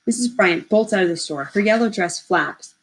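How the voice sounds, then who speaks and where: A woman reading a novel aloud in a measured, steady storytelling voice. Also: medium pitch, low-quality recording. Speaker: audiobook reader.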